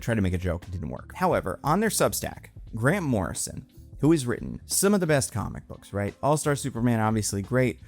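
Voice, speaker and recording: A man in his thirties hosting a casual commentary video, talking in an animated, chatty way with lots of fillers. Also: lowish voice, fairly quick. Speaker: movie commentary host.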